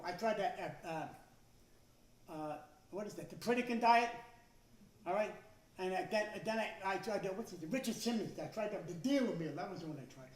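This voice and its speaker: A man in his sixties doing a stand-up comedy routine, talking loudly with stammering restarts and shouted punchlines. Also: high voice. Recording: echoey room, voice from some distance.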